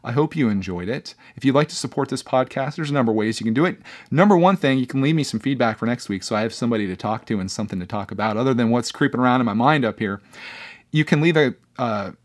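A man's voice: medium pitch, lively intonation, fast talker. A young man hosting his own podcast, talking casually and earnestly, with many fillers and restarts, reading out viewer comments. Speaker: podcast host. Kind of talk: casual solo podcast talk.

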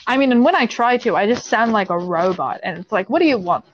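A woman's voice: medium pitch, animated, quick pace, highs cut off. A woman co-hosting a casual podcast chat, rambling and restarting her sentences and laughing often. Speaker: podcast co-host.

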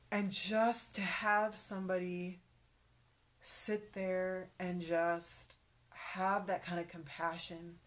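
A young woman sharing a personal faith story in conversation, halting and emotional, often with fillers, sometimes dropping to a whisper. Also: lowish voice, level tone.

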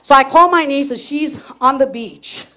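Lady pastor w a high voice, preaching and telling stories, laughs a lot, gets loud. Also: moderate pace. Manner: animated, laughing, bursts into shouts. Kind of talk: sermon with personal storytelling.

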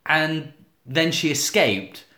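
Lively man, echoey room. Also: fairly high pitch, slow pace. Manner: quizzical, sweary, laughing along. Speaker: podcast co-host. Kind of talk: casual comedic recap.

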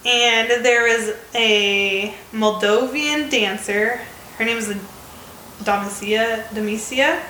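A young American woman in her twenties chats casually as a podcast co-host, her voice a little high and very bright, full of "like" and loose fillers. She sounds like she is in an echoey room with a faint hiss underneath. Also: steady tone, slow. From United States. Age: 20s. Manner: chatty, many fillers. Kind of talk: casual chat.

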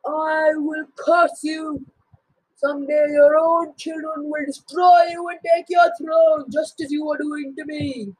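A boy voicing a furious overthrown male sky god who shouts and wails his threats. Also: very high-pitched, flat delivery, no echo, voice pushed up, poor audio. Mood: cursing. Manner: wailing, shouting, drawn-out threats.

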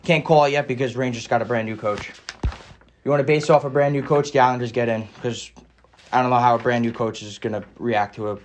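A young man co-hosting a podcast, arguing fast and swearing often, talking over his partner. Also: mid-range voice, steady tone, slight background noise. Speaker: podcast co-host. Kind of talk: heated casual sports debate.

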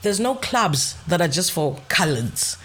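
Woman co-host born in Zimbabwe, lower pitch, blunt and forthright. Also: very animated, normal speed, fairly bright tone, breathy edge. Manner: blunt, forthright, swears freely. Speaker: podcast co-host. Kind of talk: casual chat.

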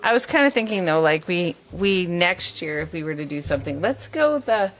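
A cheerful middle-aged woman tells stories as an interview guest, with a voice sitting a little low. She gets excitable as she goes. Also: normal speed, a little hiss or hum. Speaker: guest, business owner. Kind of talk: casual interview.

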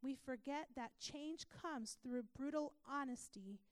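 A woman's voice: sits high, a little slow, no room sound. A woman pastor teaching a church class, earnest and emphatic, asking her listeners questions.

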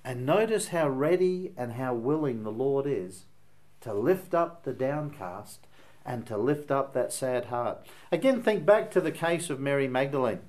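A man's voice: mid-range voice, expressive, measured pace, darkish tone. A man with a Northern Irish accent preaching a sermon in an earnest, emphatic way, weaving in stories as he goes.

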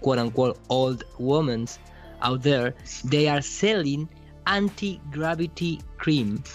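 A man guesting in a casual chat, telling incredulous stories in halting phrasing. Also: mid-range voice, faint music behind. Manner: storytelling, incredulous, halting non-native phrasing. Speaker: guest speaker.

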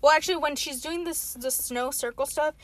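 A woman's voice: high voice, fairly quick, fairly bright tone, dry recording. Chatty woman. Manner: rambling, heavy use of "like", acts out quotes. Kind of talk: casual movie recap chat.

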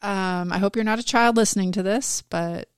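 A woman's voice: mid-range voice, moderate pace, clean tone, no echo. A middle-aged woman co-hosting a podcast, answering in short, dry remarks during a casual chat. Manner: dry, terse replies. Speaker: podcast co-host.

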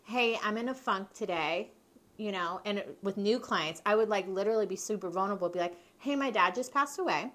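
A woman's voice: medium pitch, brisk, fairly bright tone. A woman hosting a podcast, a hairdresser talking candidly in casual chat, rambling with lots of fillers. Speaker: podcast host.

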